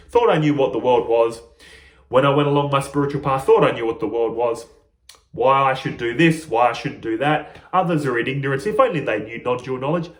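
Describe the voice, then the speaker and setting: A man's fairly high, bouncing voice carries a spiritual teacher's reflective monologue. He stays playful and keeps laughing at himself. The room adds a clear echo behind him.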